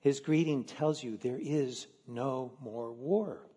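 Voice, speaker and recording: A man, a pastor from Philadelphia, preaching a sermon in an earnest, measured way with slow emphatic stresses. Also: mid-range voice, warm tone, slightly rough, big-room sound.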